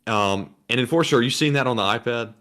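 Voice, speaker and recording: A man co-hosting a livestream, reading out viewer messages in a steady announcing way and chatting casually. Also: medium pitch, fast.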